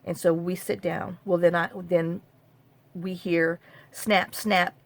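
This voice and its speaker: This is a woman, talking straight to the camera in a casual, wandering way. Her voice sits low and has a rough, gravelly edge. She keeps cutting herself off and adding dry, half-joking asides. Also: little pitch movement, takes it slowly, dry recording. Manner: rambling, self-interrupting, half-joking. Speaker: craft vlogger.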